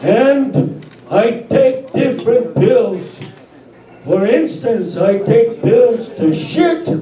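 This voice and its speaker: A man's voice: extremely high pitch, animated, very slow, background noise. An older man performing a crude stand-up routine in a drawling, chuckling way. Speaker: stand-up comic. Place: small club with a live crowd. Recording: echoey room, mic far off, loud crowd.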